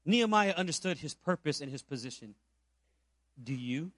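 A man's voice: fairly high pitch, expressive, moderate pace, a bit bright, no echo. A man from Puerto Rico preaching a sermon, telling a story and asking the congregation rhetorical questions. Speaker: pastor.

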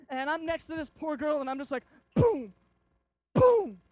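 Young male preacher, high voice, energetic anecdotal sermon delivery. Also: a little slow, dry recording. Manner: animated storytelling, acts out shouts and quotes.

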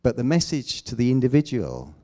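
A man preaching a sermon, emphatic, with loud declamations and quiet asides. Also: mid-range voice, big pitch swings, fairly quick.

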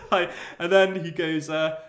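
A man's voice: medium pitch, moderate pace, fairly bright tone. A man co-hosting a podcast over a video call, telling a comic story with lots of laughter. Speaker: podcast co-host. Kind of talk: casual comedic chat.

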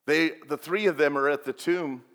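A man preaching a sermon as pastor, swinging between loud and hushed delivery. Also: a little high, moderate pace. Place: church sanctuary. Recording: long reverb of a large hall.

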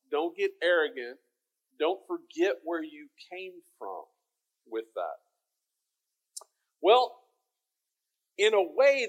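A middle-aged man with a Texan accent, teaching a folksy, conversational sermon. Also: fairly high pitch. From Texas.

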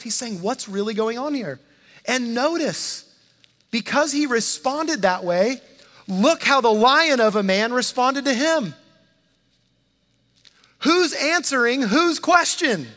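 A man's voice: extremely high pitch, bright, forceful tone. A man preaching a sermon in a conversational way, repeating phrases and acting out quoted lines. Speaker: pastor. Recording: long hall reverb.

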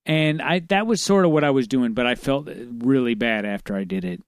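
A man hosting a podcast in casual chat, excitable, rambling and profane. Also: mid-range voice, fairly quick, smooth, dry recording, clean studio sound. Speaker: podcast host.

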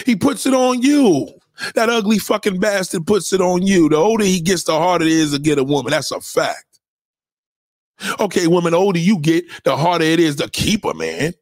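A livestream host rants loudly and profanely at a moderate pace, often slipping into mocking put-on impressions. His high voice swings widely in pitch, and the sound is dry and close with no room sound at all.

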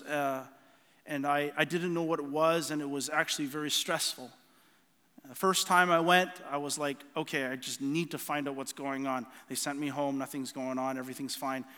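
A man's voice: on the high side, sharp tone, big-room sound. A man preaching a sermon, telling a personal story earnestly with many restarts and repeated words.

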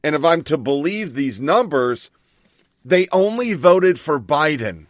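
A man's voice: fairly high pitch, expressive, measured pace, no echo, studio quality. A middle-aged man hosting a talk show, ranting bluntly and angrily with plenty of swearing. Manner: angry, blunt and profane ranting. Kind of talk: opinionated talk radio monologue.

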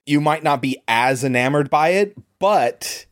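A man's voice: a little high, lively intonation, unhurried, a bit bright. Guy on a movie podcast, opinionated, blunt, casual. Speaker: podcast co-host. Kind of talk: casual movie review chat.

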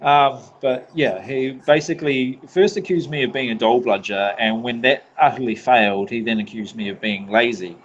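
A man's voice: mid-range voice, moderate pace, few pauses, highs cut off, a little hiss or hum. A man from New Zealand with a New Zealand accent, a podcast guest in casual chat who laughs often, swears freely and restarts his sentences.

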